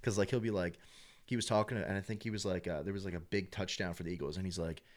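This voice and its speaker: A young man chatting casually as a sports fan, rambling with lots of filler words and getting animated when he acts out fans and announcers. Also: low voice, quick pace. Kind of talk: casual chat.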